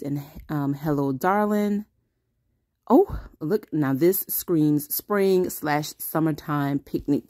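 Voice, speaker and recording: A woman's voice: sits low, mellow, no room sound, studio quality. A woman, hosting a casual flip-through vlog and gushing enthusiastically over every page. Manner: gushing, enthusiastic, lots of fillers. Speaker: vlog host.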